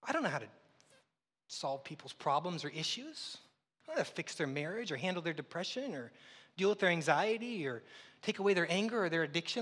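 A man's voice: a little high, sing-song, brisk, fairly bright tone, in a large hall. A man preaching a sermon as pastor, telling stories in a conversational, self-deprecating way. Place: church sanctuary.

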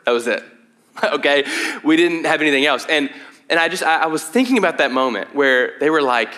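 A young man preaching a sermon in a casual, conversational way, full of restarts and fillers, moving from quiet prayer to lively storytelling. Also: on the high side, a little fast. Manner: hushed prayer, rising to animated storytelling. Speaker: pastor.

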